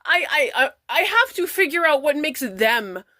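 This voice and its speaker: Young mom crying and cussing thru an angry rant, high voice, bright, dry close sound. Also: female voice, very animated, no echo. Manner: angry, profane, fast venting. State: tearful. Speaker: parent vlogger. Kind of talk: emotional rant to camera.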